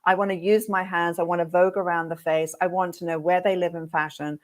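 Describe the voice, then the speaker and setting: Animated woman hosting a hairdressing webinar. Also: on the low side, brisk. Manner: lively, animated storyteller who acts out her own reactions. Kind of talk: webinar talk with storytelling.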